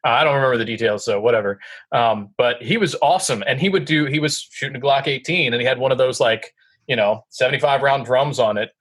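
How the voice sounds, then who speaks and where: A man's voice: mid-range voice, fast talker, a bit bright. A man co-hosting a podcast in casual chat, upbeat and enthusiastic. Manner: upbeat, enthusiastic, laughs often. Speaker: podcast co-host.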